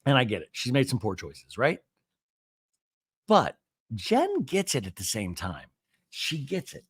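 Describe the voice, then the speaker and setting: A male podcast host casually recaps a reality show, animated and quick to act out quotes. His voice is mid-range and husky, and the recording is dry.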